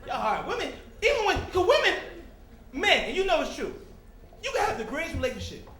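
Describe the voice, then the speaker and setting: High-voiced, animated male stand-up comic. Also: a little hiss or hum. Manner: animated, teasing the crowd, jumps into quick character voices. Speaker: stand-up comedian. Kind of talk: stand-up comedy routine. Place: comedy club stage before a live audience. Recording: echoey club with crowd laughter.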